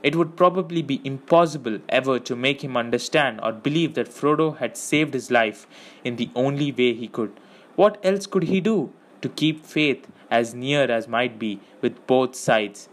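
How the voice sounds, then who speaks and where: A man narrating an audiobook with steady, measured reading. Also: mid-range voice.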